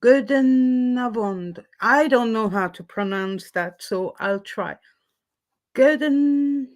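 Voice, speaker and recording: A woman's voice: medium pitch, unhurried, a bit bright. A woman from Switzerland hosts a casual livestream chat from home on a webcam, greeting viewers by name between many fillers. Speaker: livestream host. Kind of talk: casual live-stream chat.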